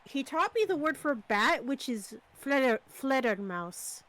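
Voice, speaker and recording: A woman's voice: sits high, expressive, normal speed, fairly bright tone. A woman chatting casually, amused and swearing freely. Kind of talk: casual chat.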